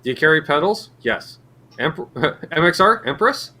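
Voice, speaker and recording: Man playing a comic French Canadian guitar shop clerk, high and lively voice, bright tone. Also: measured pace, slight background noise, exaggerated voice. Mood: bantering.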